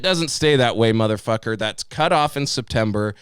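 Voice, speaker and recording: Podcast co-host, man, 20s: smooth clear voice, dry close mic, angry profane rant. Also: mid-range voice, normal speed, a bit bright, no echo. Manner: heated, profane, mocking put-on voices. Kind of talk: profane ranting podcast talk.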